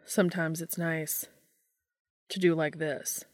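Gruff, awkward adult male hunter, deep and quiet, halting delivery; woman voices him. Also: little pitch movement. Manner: low, hushed and hesitant.

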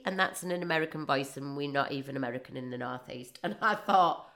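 A woman's voice: very deep voice, fast talker, fairly bright tone. A woman in her forties with a Northeast English accent, rambling through a jokey casual monologue and laughing often. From northeast England. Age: 40s.

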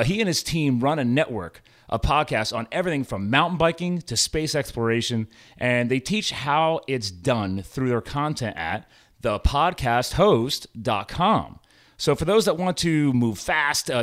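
A man's voice: medium pitch, a bit bright. A man hosting a podcast interview, chatting enthusiastically and laughing often. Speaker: podcast host. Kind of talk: casual interview chat.

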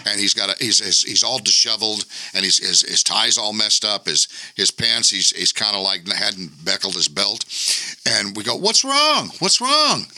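A man's voice: on the low side, vocal fry. A man, a comedian guest, telling funny stories in casual chat, joking and stumbling through restarts. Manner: lively, joking, halting restarts.

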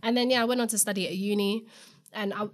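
A woman's voice: mid-range voice, fairly even intonation, fast. Chatty woman. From London. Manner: chatty and candid, lots of "like". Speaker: playwright guest. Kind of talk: casual interview chat.

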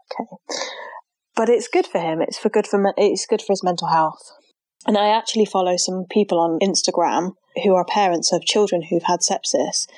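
A young woman speaks earnestly in an interview, her voice sitting a little low for a woman. The sound is dry and close, with no room echo. Her tone is heartfelt and unguarded, with "like" scattered through her sentences. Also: darkish tone. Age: young adult. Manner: earnest and heartfelt, with frequent "like" fillers. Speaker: interviewee, mother sharing her story. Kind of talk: emotional personal account.

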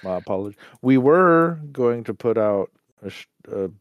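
A man's voice: mid-range voice, lively intonation, moderate pace, no echo. Easygoing man podcast co-host. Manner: easygoing, teasing, reassuring. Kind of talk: casual chat.

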